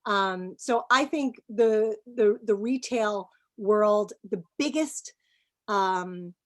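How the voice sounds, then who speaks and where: A middle-aged woman with a mid-range voice is interviewed on a webinar as a business guest, and she's emphatic, animated, and quick to laugh throughout.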